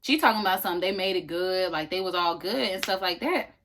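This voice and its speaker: A young woman vlogger telling a story in a casual, animated, slangy way, speaking straight to her viewers. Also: fairly low pitch, fast, slight background noise.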